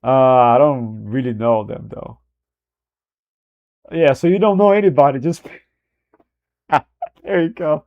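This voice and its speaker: A man's voice: fairly high pitch, animated, measured pace, long pauses, a little mellow. Teasing Brazilian man chatting on stream. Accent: Brazilian Portuguese. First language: Portuguese. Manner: playful, teasing, laughs often, swears casually. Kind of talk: casual live-stream chat.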